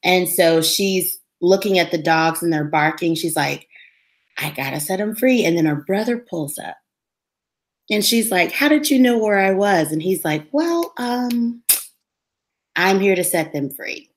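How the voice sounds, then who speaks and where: A woman co-hosting a casual talk show, retelling a TV episode in an animated way and acting out the characters' lines. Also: on the low side, unhurried. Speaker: co-host recapping a TV episode. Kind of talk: casual chat.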